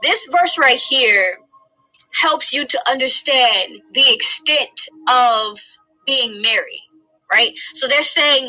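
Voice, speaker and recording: A woman teaching from the Bible in a casual, earnest way, slowly stressing key phrases. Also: sits high, lively intonation, sharp tone, faint music behind, rough recording. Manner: earnest, conversational, drawn-out emphasis on key phrases.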